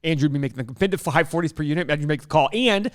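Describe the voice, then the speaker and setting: A man co-hosting a casual podcast about real estate deals, animated and quick in banter. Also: on the high side. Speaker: podcast co-host.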